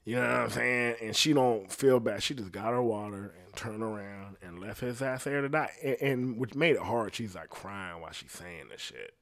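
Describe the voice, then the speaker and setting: A man telling a story in a casual, animated monologue, swearing freely and putting on voices for the people he quotes. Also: fairly low pitch, moderate pace, creaky, few pauses. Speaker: singer recounting a story.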